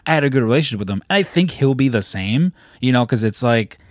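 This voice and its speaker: A man's voice: medium pitch, animated, fast talker, no room sound, studio quality. Easygoing man in a rambling podcast chat. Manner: easygoing storyteller, loose and rambling. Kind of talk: casual chat.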